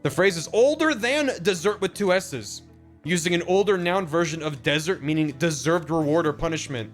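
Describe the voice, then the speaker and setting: A man's voice: a little high, expressive, normal speed, faint music behind. A man streaming a video game, chatting casually and animatedly, swearing often and mocking himself.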